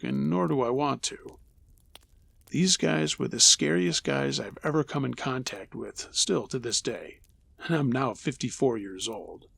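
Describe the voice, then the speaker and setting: Gravelly-voiced man narrating scary stories. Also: medium pitch, fairly bright tone. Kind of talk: reading true scary stories.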